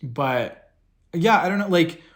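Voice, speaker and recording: A man's voice: on the high side, animated, slow pace. A man co-hosting a podcast, talking in a casual, reflective way, rambling in fits and starts. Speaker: podcast co-host. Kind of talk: casual chat.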